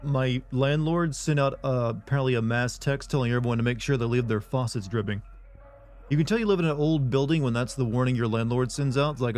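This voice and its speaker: A man's voice: medium pitch, animated, fairly quick, darkish tone. Offhand man chatting on a game stream. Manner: rambling and offhand, with frequent swearing and restarts. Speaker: live streamer. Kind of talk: casual chat with viewers while streaming a game.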